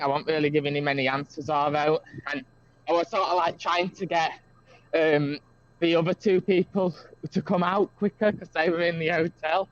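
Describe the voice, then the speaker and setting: A man's voice: fairly high pitch, highs cut off. A man tells a long story in casual chat over a video call. He rambles, with many fillers and restarts. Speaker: guest caller.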